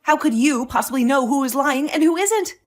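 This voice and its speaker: A woman plays a wronged young wife who answers back with sarcasm and indignation. Her voice is high and moves freely up and down. Faint music plays behind her. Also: lively intonation, fairly quick. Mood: defiant. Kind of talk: voiced drama story.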